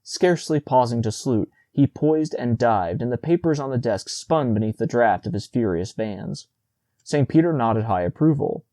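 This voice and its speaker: A man narrating a classic short story as an audiobook, in a measured storytelling manner. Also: mid-range voice, animated, dark tone, no room sound.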